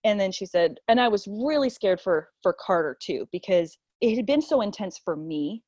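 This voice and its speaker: Woman guest recounting her story, animated and chatty, on a muffled, dry recording. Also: medium pitch, moderate pace, no echo. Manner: animated, acts out quotes, many fillers. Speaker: interview guest telling a birth story. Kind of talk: conversational personal storytelling. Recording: dull, lo-fi, dry.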